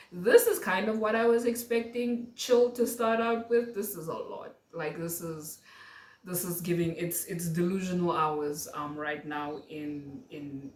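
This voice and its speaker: A woman reacting to music in a casual vlog, talking in a dramatic, playfully outraged, exasperated way. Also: lowish voice. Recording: roomy echo.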